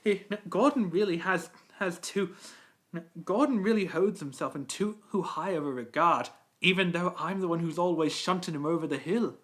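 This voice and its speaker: A man voicing a patient older male steam engine who talks in a gentle, reasoning way. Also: sits high, normal speed. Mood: reassuring.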